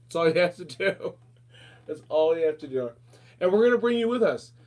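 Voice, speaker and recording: A man hosting a casual talk show, animated and rambling, calling listeners darling and honey. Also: high-pitched, moderate pace. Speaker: podcast host. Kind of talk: casual chat.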